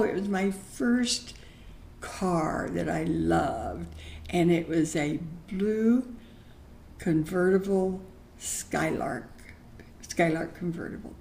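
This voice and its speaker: Brief: older woman, memoir storyteller, unhurried, affectionate and chatty. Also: medium pitch, creaky, mellow. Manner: chatty, affectionate, laughs often.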